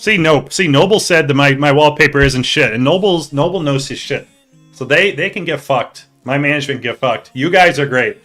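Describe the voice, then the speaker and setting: Live on stream and running a hockey league draft, a man jokes excitedly with his chat and swears now and then. His fairly high voice, at normal speed, sounds bright and forward, with soft music underneath.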